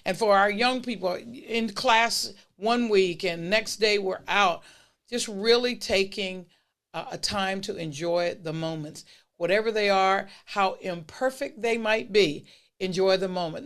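Encouraging podcast host repeating key phrases. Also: medium pitch. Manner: steady, unhurried delivery with list-style points. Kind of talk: motivational holiday message to listeners.

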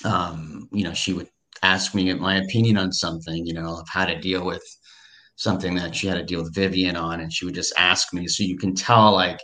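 A man's voice: deep voice, flat delivery, fairly quick, bright, forceful tone. A man speaking as an interview guest, reflective and rambling with many fillers. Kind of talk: casual interview chat.

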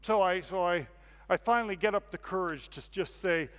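A man giving a sermon as a guest speaker, telling a story and shifting from hushed to loud. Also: sits high, fairly quick, clean tone. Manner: animated, confessional, swings from hushed to loud. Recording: long reverb of a hall.

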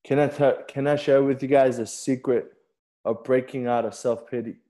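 A man's voice: mid-range voice, steady tone, moderate pace, warm tone. A young man preaching a sermon and telling a personal story in a casual, conversational way, often repeating words as he starts a sentence. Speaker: pastor.

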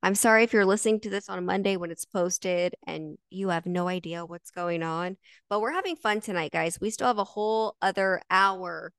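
A woman's voice: on the low side, moderate pace, a bit bright, smooth, no room sound, studio quality. A woman co-hosting a podcast live, chatting upbeat and talking straight to her listeners. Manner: upbeat, addresses listeners directly. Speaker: podcast co-host. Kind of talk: casual live-stream chat.

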